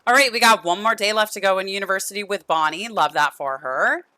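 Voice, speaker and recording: A woman's voice: medium pitch, fast, sharp tone, dry recording. A young woman streaming a life-sim game, chatting affectionately with viewers and her characters, losing her voice. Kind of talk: casual gameplay stream chat.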